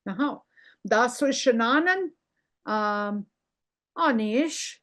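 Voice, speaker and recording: A woman's voice: a little high, animated, very slow, a bit bright. An older woman teaching a language lesson, patiently repeating words and checking in with "okay?" as she goes.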